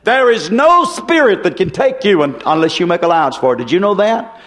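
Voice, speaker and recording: A man with a notably high voice delivers a sermon in plain, homespun language. He presses his points with emphasis and keeps checking in with rhetorical questions to his listeners. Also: big pitch swings, a little fast, a bit bright. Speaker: preacher.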